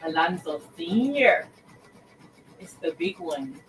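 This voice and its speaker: A woman's voice: on the low side, slow, slight background noise. Chatty woman livestreaming from her craft room. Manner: chatty, expressive, talks to viewers by name. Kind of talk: casual livestream chat with viewers.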